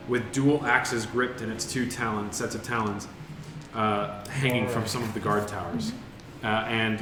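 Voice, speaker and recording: A man narrating a tabletop game as game master, describing scenes with frequent fillers. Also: mid-range voice. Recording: roomy echo with music behind.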